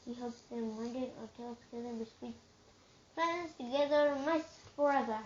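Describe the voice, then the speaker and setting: A woman reading a children's book aloud in a lively way, shouting the dialogue and going soft for quiet narration. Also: fairly high pitch, normal speed, highs cut off.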